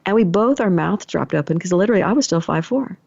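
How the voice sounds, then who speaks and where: A woman's voice: lowish voice, animated, fast, vocal fry, a little mellow, breathy edge, no room sound. A middle-aged woman hosting a podcast, telling a personal story in a chatty way and acting out the lines she quotes. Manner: chatty, acts out quoted thoughts and dialogue. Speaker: podcast host and energy healer. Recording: dry, slightly dull podcast mic.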